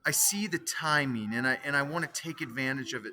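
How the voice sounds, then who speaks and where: A middle-aged man teaching theology, telling a family story in his lecture in an animated way and putting questions to his listeners. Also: mid-range voice, fairly quick.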